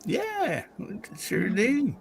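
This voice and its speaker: Man, laid-back, folksy, gravelly, lively pitch, faint background noise. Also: very slow. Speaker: guest. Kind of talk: casual chat.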